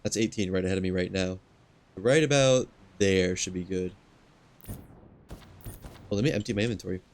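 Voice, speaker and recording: Low-voiced man muttering through gameplay. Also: normal speed. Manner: muttering to himself, laid-back. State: hiccups. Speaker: streamer. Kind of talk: casual gameplay commentary. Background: game ambience and engine noise.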